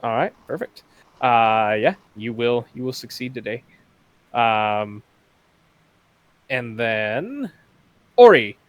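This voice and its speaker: A man narrating a tabletop game as game master, in a relaxed, laid-back way. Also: mid-range voice, takes it slowly, long pauses.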